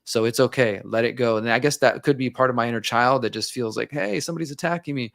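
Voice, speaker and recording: A man's voice: medium pitch, fast, vocal fry, fairly bright tone, dry recording, clean studio sound. A man speaking as an interview guest, talking candidly and reflectively, and sometimes acting out his own inner dialogue.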